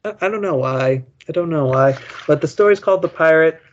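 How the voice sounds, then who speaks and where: A man's voice: on the high side, fairly quick, slight background noise. A man with a slightly raised voice reads a children's ghost story to his co-host. He breaks off often for loose, wry jokes. The podcast audio is muffled and lo-fi. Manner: rambling, wry, joking asides. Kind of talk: casual podcast chat, reading aloud and commenting.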